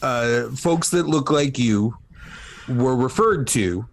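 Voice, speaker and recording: A male podcast host at an average pitch talks in a blunt, rambling way. He swears freely and works through his thoughts out loud. Faint noise hums behind him. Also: expressive, slow. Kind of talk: casual chat.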